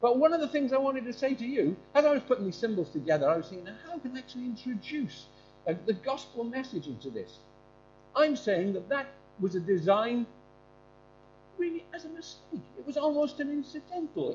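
Male preacher, high and animated delivery, informal talk with questions for the congregation; muffled recording. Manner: animated, quizzing listeners. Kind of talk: informal sermon with questions to the audience. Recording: dull lo-fi with faint hum.

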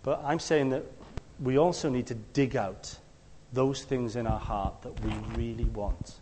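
A man preaching a conversational sermon. He tells stories and acts out the quotes, sometimes shouting them loudly. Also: mid-range voice, a little slow, in a large hall, slight background noise.

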